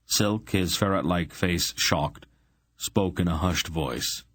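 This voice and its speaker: A man narrating a fantasy audiobook in a steady, unhurried way. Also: sits low, breathy edge, dry recording, studio quality. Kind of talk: scripted narration.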